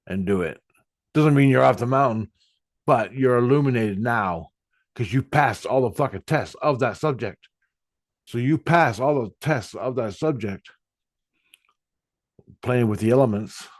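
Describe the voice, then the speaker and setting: Slow, profane man rambling close to the mic. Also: mid-range voice, no echo. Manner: profane, meandering, blunt. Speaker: spiritual vlogger. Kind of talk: rambling personal storytelling.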